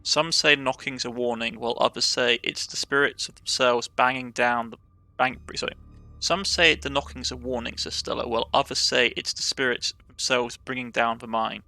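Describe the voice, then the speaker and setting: A man's voice: medium pitch, steady tone, moderate pace, vocal fry, bright, forceful tone, dry recording. A man with a Cornish accent reading a narrative game's text and dialogue aloud, often stumbling and correcting himself. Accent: Cornish English. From Cornwall, England. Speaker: let's play gamer. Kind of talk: reading game text aloud with light character voices.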